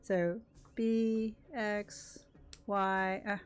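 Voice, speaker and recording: A woman's voice: mid-range voice, little pitch movement, drawn-out words, smooth. An older woman hosting a gaming video, chatting casually and reacting emotionally as she plays. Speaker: gaming channel host. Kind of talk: casual let's-play commentary.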